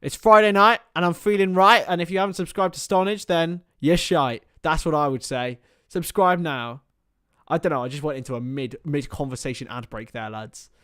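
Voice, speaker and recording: A man's voice: fairly high pitch, no echo, clean studio sound. A young man hosting a live football watchalong, commenting on the match, swearing casually and chatting to his viewers.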